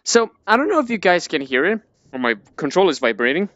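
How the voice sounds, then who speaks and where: A man's voice: sits high, sing-song, fairly quick, fairly bright tone, no room sound. Jumpy swearing male gamer, lo-fi. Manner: jumpy, swears a lot, talks to himself while panicking. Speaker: gamer playing a VR horror game. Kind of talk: let's play commentary. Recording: dull lo-fi dry recording.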